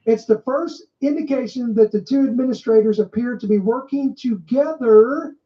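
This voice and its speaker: A woman's voice: a little high, normal speed. A woman hosting a podcast, reading news headlines aloud and stressing key words, stopping to add her own commentary. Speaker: podcast host. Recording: muffled, dull recording.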